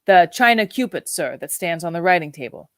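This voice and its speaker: A woman's voice: on the low side, animated, fairly quick, a bit bright, no room sound, clean studio sound. A woman reading the part of a stiff, solemn male butler who speaks in a formal, deferential way.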